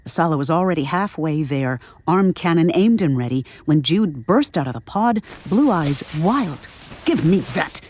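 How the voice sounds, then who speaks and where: A woman narrating an audio drama in a measured, even storytelling manner. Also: low voice, a little hiss or hum.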